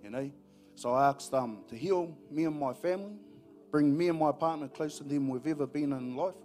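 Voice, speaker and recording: A man's voice: fairly high pitch, a little fast, mellow, soft background music. A man chatting casually about his faith in an on-stage church interview, with tag questions and laughing asides. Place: church service.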